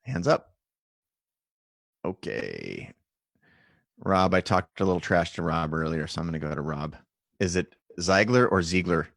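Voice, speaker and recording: Using a live-stream and video-call setup, a Q&A host chats casually and encouragingly with his viewers and callers. He has an animated bass voice, creaky and measured, with frequent pauses, captured in a dry, clean studio-quality recording.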